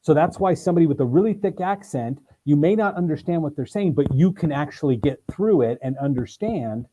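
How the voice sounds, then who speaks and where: A man's voice: on the high side, fairly quick, low-quality recording. A man, a sales trainer, explaining with energy and emphasis as an interview guest on a video call. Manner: energetic, emphatic, acts out examples in voices. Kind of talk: interview guest, animated teaching.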